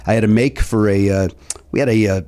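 A man's voice: fairly low pitch, fairly even intonation, brisk, warm tone. A man hosting a podcast, joking around and swearing in loose, rambling banter. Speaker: podcast host. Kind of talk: casual banter.

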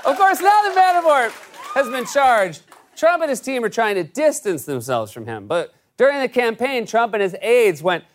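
A man's voice: high voice, wildly swooping pitch, moderate pace. A man hosting a late-night comedic news monologue with a sarcastic, punchy delivery. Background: studio audience laughter.

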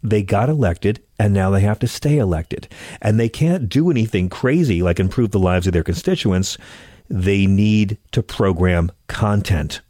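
A male talk host with a fairly low voice rants through a sarcastic political monologue. His delivery is animated and exasperated, and the recording is dry and close. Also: normal speed, no echo.

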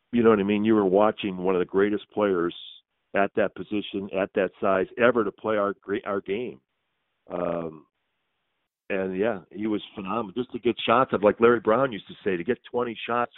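Low-voiced radio sports host, dry sound. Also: male voice, no echo, narrow, tinny audio.

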